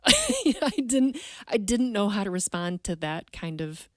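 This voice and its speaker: A woman's voice: mid-range voice, wildly swooping pitch, measured pace, fairly bright tone, no echo. A woman guest on a podcast, telling a personal story in an earnest, candid way with frequent restarts, on a close podcast mic.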